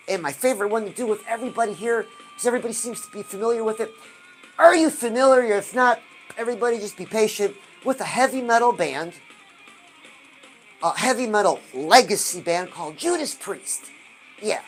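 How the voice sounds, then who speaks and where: A woman hosting a live stream, giving an animated motivational talk and asking her viewers rhetorical questions. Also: on the high side. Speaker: livestream host.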